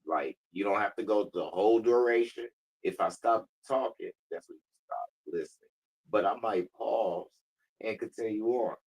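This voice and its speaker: A man with a fairly low, husky voice chats casually on a live stream. He is blunt, slangy and profane, and he laughs a lot. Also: poor audio. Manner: says he talks fast. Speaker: livestreamer talking to a voice assistant.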